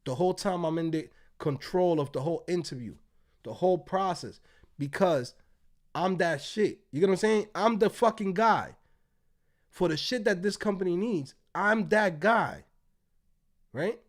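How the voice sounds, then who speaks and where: A man hosting a livestream, telling a story in casual, profane, swaggering talk and acting out the other people's lines. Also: moderate pace. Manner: acts out quoted voices in a raised pitch. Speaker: host. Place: Tampa, United States.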